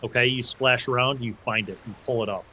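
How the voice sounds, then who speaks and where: A man narrates a tabletop game as game master. He rambles, with many fillers and restarts, in a middle-pitched voice. Faint background noise sits under the recording. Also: steady tone, brisk, pushed and bright.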